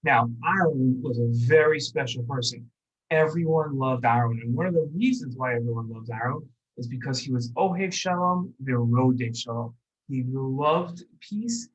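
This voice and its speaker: A man telling a story to children, lively and expressive, speaking directly to his young listeners. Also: medium pitch, muffled recording. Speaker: rabbi storyteller.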